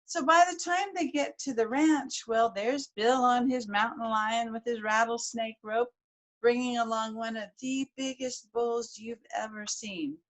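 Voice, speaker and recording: A woman's voice: fairly high pitch, fairly even intonation, a little slow. A woman from the United States telling a folk tale to a live audience in a folksy, rambling way, repeating words as she goes. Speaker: storyteller. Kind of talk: live oral storytelling.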